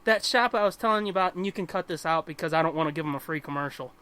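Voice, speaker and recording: A man's voice: on the high side, very fast, bright, forceful tone, smooth. A man co-hosting a podcast in casual chat, ranting profanely and animatedly. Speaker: podcast co-host.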